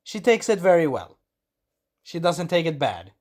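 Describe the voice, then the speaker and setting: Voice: medium pitch, big pitch swings, normal speed, a little mellow. Rambling anime reviewer. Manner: rambling, swears, acts out quotes. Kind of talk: casual spoken review.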